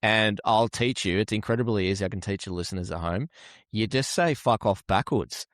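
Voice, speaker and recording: Teasing man, low dry voice. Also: a little fast, no room sound. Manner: teasing, jokey banter. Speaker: podcast co-host. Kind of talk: casual podcast banter.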